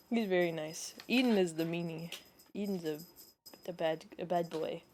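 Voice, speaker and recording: A woman's voice: lowish voice, normal speed, darkish tone, a little hiss or hum. A woman streamer reading a book aloud, giggling and chatting to her pet between passages. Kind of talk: casual chat and book reading.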